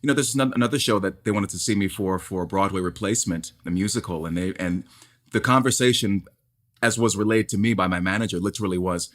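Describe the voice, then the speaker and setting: A male stage actor with a baritone voice, talking candidly and emphatically in conversation, often repeating words as he builds a point. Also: quick pace.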